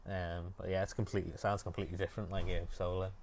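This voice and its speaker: A man hosting a relaxed music chat show, talking loosely and hesitantly with lots of fillers. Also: low-pitched, very fast.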